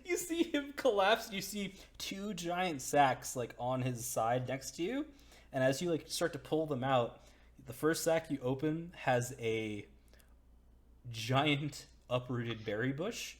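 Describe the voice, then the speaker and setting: Young male game master, relaxed and giggly, voice rising and falling a lot. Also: mid-range voice, takes it slowly. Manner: laughs often, casual narration with fillers. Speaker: dungeon master. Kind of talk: narrating a tabletop game.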